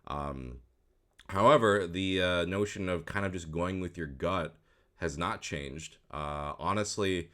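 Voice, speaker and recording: Very deep-voiced man, rambling and frank. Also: unhurried, bright, forceful tone. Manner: rambling, frank, full of fillers and restarts; dry, self-mocking. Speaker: voice actor and host. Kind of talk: casual reaction commentary.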